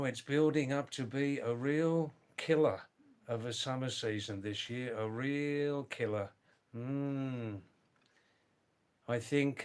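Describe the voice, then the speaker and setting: A man's voice: mid-range voice, clear, resonant tone. An older man, chatting casually on a live stream, greeting viewers by name and often saying wow.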